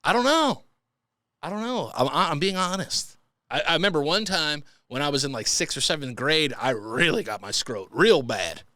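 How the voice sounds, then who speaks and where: A man's voice: a little high, animated, moderate pace, pushed and bright, no echo, studio quality. A young man hosting a comedy podcast, reading listener stories and riffing crudely, often slipping into silly voices. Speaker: podcast host.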